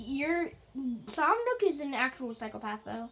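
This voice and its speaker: A woman's voice: high voice, lively intonation, unhurried, pauses often, fairly bright tone, rough recording. A woman giving casual, rambling, playful commentary while playing a video game, with jokey asides. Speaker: gaming channel host.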